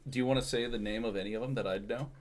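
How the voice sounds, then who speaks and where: Excitable young male co-host. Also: medium pitch, very fast, background noise. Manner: excitable, joking. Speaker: podcast co-host. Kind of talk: casual chat.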